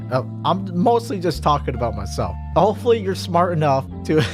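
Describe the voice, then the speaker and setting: Over background music, a man with a fairly high voice talks fairly quickly as a comedy vlogger doing a mock tutorial. His sarcasm turns deadpan at moments, he stumbles over repeated words, and then he suddenly erupts with energy.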